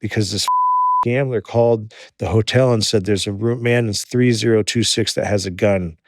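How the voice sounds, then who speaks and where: A man in his thirties, a podcast guest, telling a story in an animated way and acting out the dialogue. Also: fairly low pitch, moderate pace, slight background noise. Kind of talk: storytelling in an interview.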